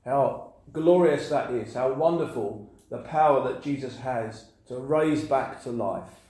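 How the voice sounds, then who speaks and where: Male preacher, earnest, repeats words for emphasis; warm low-bright tone, heavy room echo. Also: measured pace. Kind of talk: sermon. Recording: very echoey room.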